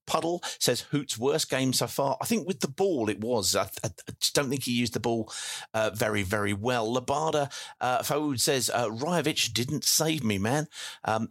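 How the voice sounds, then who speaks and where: A man's voice: medium pitch, a bit bright, no room sound, clean studio sound. A man hosting a casual post-match chat from England, reading out listener messages with lots of fillers and restarts. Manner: reads comments aloud with many fillers and restarts.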